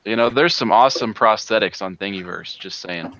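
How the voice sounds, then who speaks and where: A man's voice: fairly low pitch, brisk, a bit bright, muffled recording, slight background noise. A man guest on a live stream, dropping wry, teasing one-liners. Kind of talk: casual video call chat.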